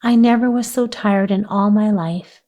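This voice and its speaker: A woman voicing a gentle, earnest young girl in a storybook reading, sounding a little plaintive. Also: mid-range voice, steady tone, normal speed, close to an everyday voice.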